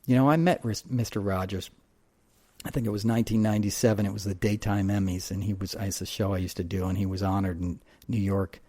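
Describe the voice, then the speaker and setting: Male podcast host, mellow tone, emphatic storyteller who swears freely, no room sound. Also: fairly low pitch, fairly even intonation, brisk, no room sound. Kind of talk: casual political monologue and storytelling.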